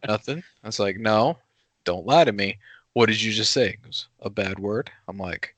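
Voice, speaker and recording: A man co-hosting a casual podcast, telling a family story in animated fashion and acting out the voices of the people in it. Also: fairly low pitch, a little slow, long pauses, no room sound. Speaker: podcast co-host. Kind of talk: casual chat.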